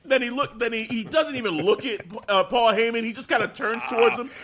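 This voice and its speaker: A man's voice: extremely high pitch, fairly quick. A man co-hosting a casual chat, recapping a show and acting out the people in it. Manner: animated, acts out quotes, laughs often. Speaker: podcast co-host.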